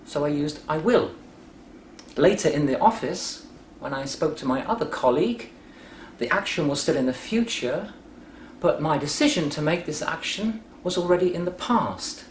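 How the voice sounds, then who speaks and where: A man teaching English grammar by telling a short story, patient, clear and deliberate. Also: a little high, expressive. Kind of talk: explaining grammar through a story. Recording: roomy echo with faint background noise.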